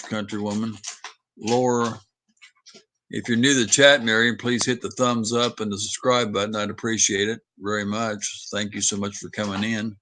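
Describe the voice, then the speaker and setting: Man, low voice, casual livestream host, reads chat aloud, rambling, hesitant, faint background noise. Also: bright, forceful tone. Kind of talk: casual chat reading viewer comments aloud. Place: at home with his dog.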